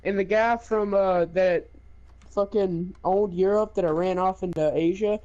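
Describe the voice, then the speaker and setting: A young man telling a game story in casual chat, animated, laughing and swearing. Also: high-pitched, unhurried, dull audio.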